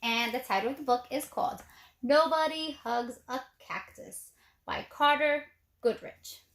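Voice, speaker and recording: A woman teacher reading a picture book aloud to her students, gentle and expressive. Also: high-pitched, measured pace. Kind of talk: storybook read-aloud for children.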